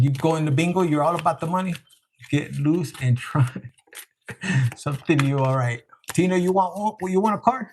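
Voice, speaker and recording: A tarot reader does a live reading in a voice on the high side, slightly mellow and marked by vocal fry, with a little background noise. He's profane and jokey, acts out voices, laughs often and chats with viewers by name.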